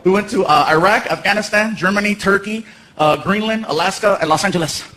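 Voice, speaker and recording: A man doing stand-up comedy, an animated, slangy storyteller on a stage mic in a large theater. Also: high-pitched, fairly quick, heavy background noise. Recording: echoey theater with loud crowd.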